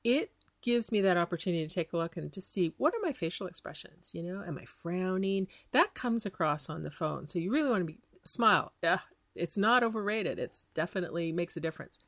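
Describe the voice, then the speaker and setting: Quick, chatty woman podcast host. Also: lowish voice, no room sound. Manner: lively, chatty, quick-talking with laughs. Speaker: podcast host and small business coach. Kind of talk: advice podcast monologue.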